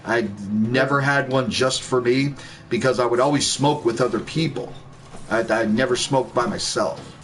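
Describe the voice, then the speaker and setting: A man's voice: medium pitch, normal speed, a bit bright. A man casually telling a rambling story while gaming, laid-back and swearing freely. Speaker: gaming streamer.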